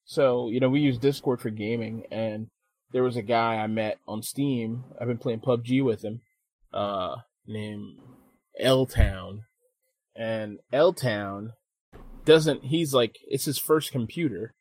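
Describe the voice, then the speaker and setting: Profane, animated man telling a story. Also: medium pitch, slow pace, dry recording. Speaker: podcast co-host. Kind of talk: casual chat.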